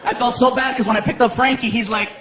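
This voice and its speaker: A man in his thirties doing stand-up comedy, telling stories in an animated way and acting out voices. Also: very high-pitched, quick pace, a crowd in the background. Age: 30s. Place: live comedy venue with audience. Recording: noisy live show recording.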